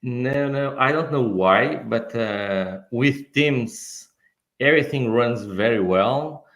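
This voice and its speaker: A man with a Portuguese accent, a guest on a video call, speaking haltingly and searching for words. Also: medium pitch, a bit bright. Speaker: guest insurance advisor. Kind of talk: casual video-call chat.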